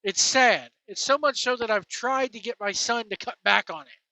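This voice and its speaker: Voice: medium pitch, normal speed, bright, forceful tone, no echo, low-quality recording. A wrestling commentary host delivering a blunt, scornful opinionated rant full of name-calling.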